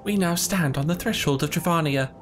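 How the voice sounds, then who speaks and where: A man's voice: a little high, brisk, soft background music, natural voice. A man voicing a formal, polished young male scholar in a game cutscene. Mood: earnest.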